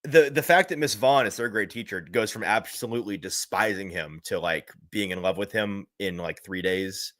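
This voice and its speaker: Man co-host, lower voice, bright tone, chatty and rambling, dry close sound. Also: normal speed, hardly any pauses, no echo. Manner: rambling, self-interrupting, laughs at his own quotes. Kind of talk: casual chat.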